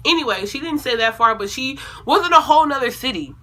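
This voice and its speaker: A young woman vlogger telling a personal story in a casual, animated way, with lots of profanity and acted-out quotes. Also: high-pitched, fast talker.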